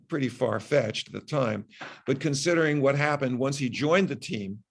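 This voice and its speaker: Older man with a gravelly voice. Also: mid-range voice. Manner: measured, frequent restarts. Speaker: guest, physician. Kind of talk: interview storytelling.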